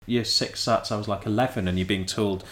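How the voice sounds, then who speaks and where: A young man, his voice sitting on the low side. He talks through a book in a relaxed, conversational way and slips into little acted-out quotes as he retells scenes. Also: brisk. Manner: animated storytelling, acts out quotes. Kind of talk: casual book discussion.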